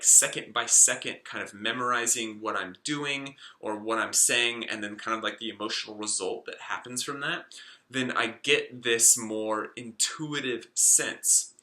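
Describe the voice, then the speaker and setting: A man in his twenties, specifically his late twenties, hosts a self-help video and explains the topic in a casual, rambling way full of fillers and restarts. His medium-pitched voice is pushed and bright, in an echoey room.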